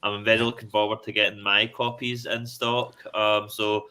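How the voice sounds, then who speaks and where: A man talking as a guest in a casual chat over a video call, relaxed and full of ums. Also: lowish voice, moderate pace, clean tone. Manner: relaxed, plain, with many ums. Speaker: guest comics writer.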